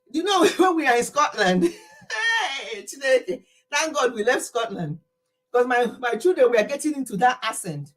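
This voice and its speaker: A woman's voice: on the high side, a bit bright. A middle-aged Nigerian woman chatting casually with her livestream viewers, laughing often as she tells stories. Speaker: livestream host.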